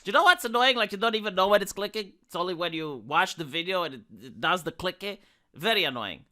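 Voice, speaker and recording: A man's voice: high-pitched, animated, quick pace, pushed and bright. Romanian-accented male streamer, tense piercing tone, fed-up commentary, swears freely. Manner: exasperated, swearing, emphatic repetitions. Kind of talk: reaction commentary. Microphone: desk microphone.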